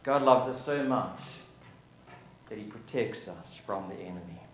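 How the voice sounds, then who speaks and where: A man's voice: on the low side, lively intonation, a little slow, a little hiss or hum. A man preaching a sermon as pastor, building to emphatic peaks and asking the congregation questions. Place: church sanctuary. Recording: echoey church room.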